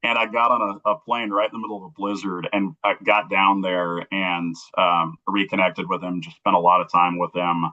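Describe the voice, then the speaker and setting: A man's voice: sits low, flat delivery, normal speed, few pauses, sharp tone, lo-fi sound. A middle-aged man, an interview guest, earnestly telling a personal story on a livestream and acting out remembered dialogue.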